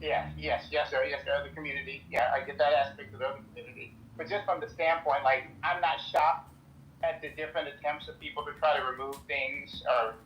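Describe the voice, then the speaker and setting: A man's voice: on the high side, fairly even intonation, fast talker, lo-fi sound, slight background noise. An American man speaking earnestly in a casual discussion, with many restarts and "right?" asides. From United States. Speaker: guest speaker in an audio chat room.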